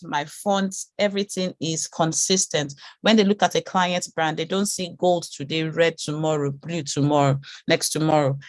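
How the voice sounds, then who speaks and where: Calm, reassuring woman teaching a class. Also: fairly low pitch, dry recording, clean studio sound. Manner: calm, reassuring, repeats words while thinking. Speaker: branding teacher. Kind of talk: online class lecture.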